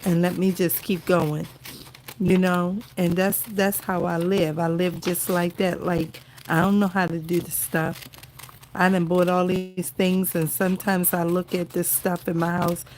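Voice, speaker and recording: Woman streamer, teary and effusive, slow unhurried delivery, faint ambient hum behind her. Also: lowish voice, level tone, a little mellow. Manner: gushing, repeats exclamations, addresses viewers as y'all. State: teary, near crying. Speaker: crafting livestream host. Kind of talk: emotional casual livestream chat. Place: indoors at home.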